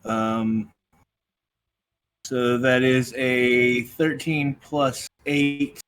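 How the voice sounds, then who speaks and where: Male player, slow and steady, faint noise behind. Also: mid-range voice. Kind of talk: describing his character's actions in a tabletop game.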